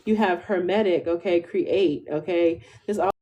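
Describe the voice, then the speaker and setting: A tarot reader in her twenties gives a casual, slang-heavy live reading, tagging "okay?" onto almost each phrase. Her mellow voice is fairly low and unhurried, and the recording sounds lo-fi.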